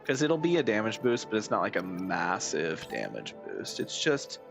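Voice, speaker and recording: A man with a rough, hoarse voice giving casual gameplay commentary as a streamer, rambling, thinking out loud and swearing a lot. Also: fairly low pitch, wildly swooping pitch, normal speed, over music. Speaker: game streamer.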